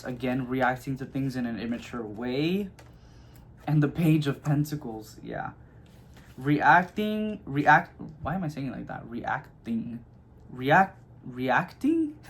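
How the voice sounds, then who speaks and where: A man's voice: mid-range voice, slight background noise. A man giving a casual tarot reading, chatty and loose, full of fillers and "okay?" check-ins. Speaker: tarot reader.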